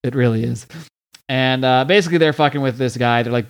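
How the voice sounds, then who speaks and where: A man's voice: mid-range voice, fairly quick, clear, resonant tone. A man hosting a podcast, casually recapping a comic book with lots of fillers and restarts. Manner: recaps a comic with frequent fillers, reads dialogue aloud. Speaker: podcast host.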